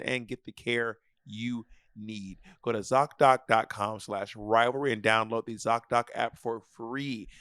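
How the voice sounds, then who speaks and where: A man's voice: medium pitch, fairly bright tone, clear, resonant tone, no room sound, studio quality. A man in his thirties co-hosting a podcast, reading sponsor ads in a playful, sassy, teasing way. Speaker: podcast co-host.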